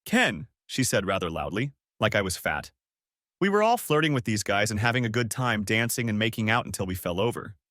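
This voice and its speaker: Here is a man playing a pushy, impatient woman friend who presses her point hard. Her pitch rises and falls in lively swings as she talks. The sound is dry and close, with no room around it. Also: brisk, no echo. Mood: exasperated. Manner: pressing, exasperated. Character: frantic female friend, insistent and blunt.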